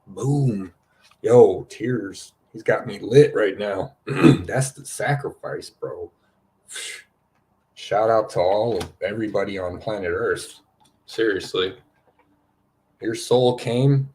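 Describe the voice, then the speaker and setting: A man hosting a spiritual card-reading show, talking in a loose, rambling way that is full of "you know" and "right?", and getting excited as he goes. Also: on the low side, takes it slowly, pauses often. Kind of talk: rambling casual chat.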